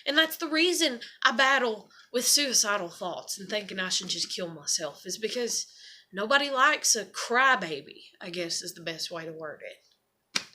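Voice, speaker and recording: A woman's voice: medium pitch, lively intonation, moderate pace, pushed and bright. A young woman, venting in a rambling, emotional and frank monologue. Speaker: vlogger.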